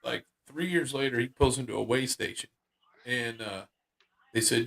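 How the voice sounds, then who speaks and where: Gravelly man telling a rambling story. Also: medium pitch, fairly even intonation, a little fast, a bit bright. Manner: rambling secondhand storytelling with many fillers. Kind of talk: casual storytelling chat.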